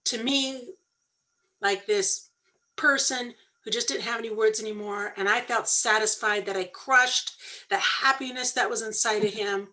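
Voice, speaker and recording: A woman candidly telling her own story on a talk show, earnest and animated when she quotes others. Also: on the high side, a little slow, poor audio. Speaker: podcast co-host sharing her story.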